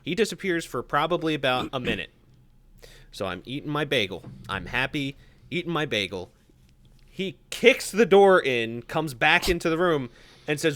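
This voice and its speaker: A man's voice: fairly high pitch, normal speed, a little hiss or hum. A man co-hosting a podcast, telling a story in a casual, rambling way. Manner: relaxed anecdote telling with fillers, bursts into laughter. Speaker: podcast co-host.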